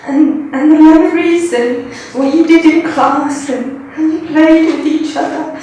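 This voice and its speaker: A woman's voice: high voice, fairly even intonation, warm tone. Emotional woman in an echoey hall. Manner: emotional, halting. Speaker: devotee sharing a realization. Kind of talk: emotional personal sharing. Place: large hall at a retreat. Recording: echoey hall, distant mic, faint noise.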